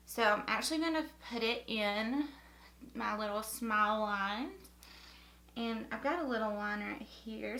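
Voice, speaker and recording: A woman's voice: mid-range voice, pushed and bright, reverberant. A woman in her thirties from North Carolina with a Southern accent, chatting upbeat through a makeup tutorial. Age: 30s. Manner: chatty, upbeat, repeats words for emphasis. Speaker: beauty vlogger. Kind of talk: casual makeup tutorial chat.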